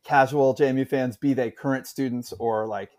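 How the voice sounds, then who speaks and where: A man's voice: medium pitch, fairly even intonation, moderate pace, darkish tone. A man co-hosting a casual sports talk show, rambling with many fillers and restarts. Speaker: podcast co-host.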